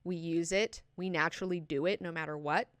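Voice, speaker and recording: Young woman chatting about a book, super casual and lively, lots of swearing, smooth voice, really dry sound. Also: fairly low pitch, brisk, no room sound. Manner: animated, swears freely, acts out characters in paraphrase. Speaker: book club host. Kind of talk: casual book discussion with read-aloud quotes.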